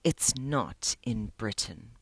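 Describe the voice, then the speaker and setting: A lonely, angry teenage boy, read by a woman in an unhurried, earnest way. The sound is dry and close, with no room around the voice. The pace stays slow and deliberate throughout. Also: low voice, lively intonation, no room sound. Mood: defiant.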